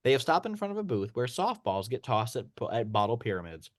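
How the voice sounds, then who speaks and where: A man reading a screenplay's action lines aloud as narrator, in steady read-aloud narration. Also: mid-range voice, fairly quick, dry recording, clean studio sound. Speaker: narrator of stage directions.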